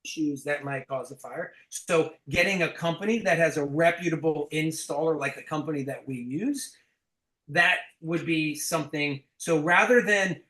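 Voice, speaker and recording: A man's voice: on the high side, pushed and bright, roomy sound, rough recording. A man coaching a sales team, blunt and emphatic, swearing casually as he explains.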